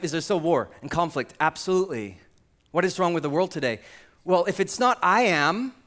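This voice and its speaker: A male pastor preaching with a lively, swooping delivery that climbs fairly high. He acts out the voices of the people in his stories. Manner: animated storytelling, acts out quoted voices. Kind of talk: sermon.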